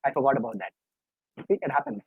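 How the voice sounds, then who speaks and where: A man's voice: medium pitch, sing-song, quick pace, gravelly, husky, no echo. A middle-aged man, a life coach giving a live webinar lecture in an earnest, coaxing, repetitive way. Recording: dry, tinny phone-like online call audio.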